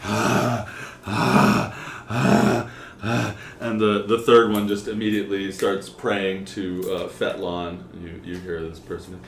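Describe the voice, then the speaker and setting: A man's voice: low-pitched, level tone, normal speed, few pauses, slight background noise. A man running a tabletop game at home, narrating loosely with many fillers and laughs. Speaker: game master. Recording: echoey room.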